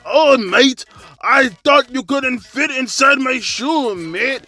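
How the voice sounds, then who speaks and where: A man's voice: extremely high pitch, animated, slow, pushed and bright, soft background music, pitched above the performer's own voice, full character voice. A man putting on a mocking impression of a rambling, pompous male wrestler with an exaggerated posh British accent. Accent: mock posh British.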